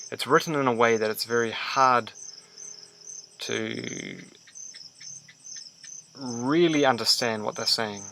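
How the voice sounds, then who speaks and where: A man's voice: mid-range voice, pushed and bright, slight background noise, rough recording. A man giving a commentary, explaining a church statement in plain, conversational words.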